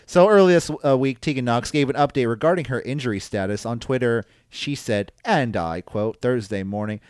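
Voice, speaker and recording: A man co-hosting a casual podcast chat, joking and excitable, with goofy asides. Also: mid-range voice, normal speed, smooth, no room sound, clean studio sound. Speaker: podcast co-host.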